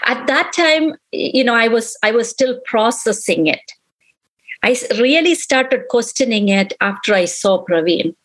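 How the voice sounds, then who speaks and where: A woman's voice: on the high side, expressive, measured pace, a bit bright, low-quality recording. A middle-aged woman, a grieving mother in an interview, recounting events and acting out the dialogue she remembers. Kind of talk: emotional personal recollection.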